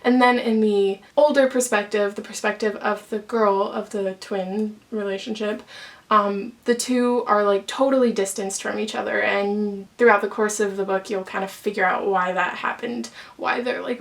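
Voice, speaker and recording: A young woman talks through her book picks in a casual, gushing way, stringing thoughts together with lots of "like" and "um". Her voice sits at an ordinary middle pitch for a woman, and she sounds a little breathless from talking so much. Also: creaky. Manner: chatty, gushing, many "like" fillers. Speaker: book vlogger.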